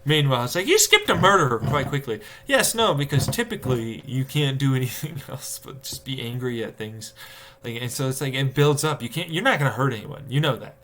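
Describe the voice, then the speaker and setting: A man's voice: mid-range voice, lively intonation, brisk, a bit bright. A young adult man livestreaming, ranting casually and profanely about commuting costs and acting out his own exasperated thoughts. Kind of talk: casual rant to stream chat.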